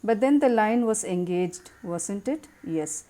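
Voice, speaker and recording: A woman's voice: medium pitch, lively intonation, a little slow, mellow. A woman, teaching a lesson by reading a text aloud and explaining it line by line. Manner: reads a passage aloud, then explains it in simple words. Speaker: English teacher.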